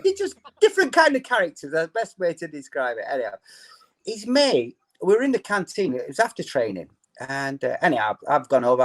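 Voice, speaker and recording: A man's voice: on the high side, moderate pace. A Yorkshire man in his fifties, a former footballer, telling anecdotes and acting out the dialogue with laughs. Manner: animated, laughing, acts out dialogue. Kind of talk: anecdotal storytelling.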